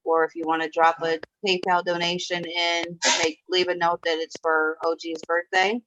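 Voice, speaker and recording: A woman's voice: fairly low pitch, flat delivery, normal speed, a bit bright. A woman hosting a casual online chat, talking freely and swearing now and then. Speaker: stream host. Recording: muffled with faint noise.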